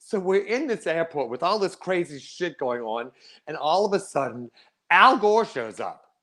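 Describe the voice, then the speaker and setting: Animated middle-aged male storyteller. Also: a little high, moderate pace. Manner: animated, wry, laughs often. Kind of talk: performed storytelling monologue.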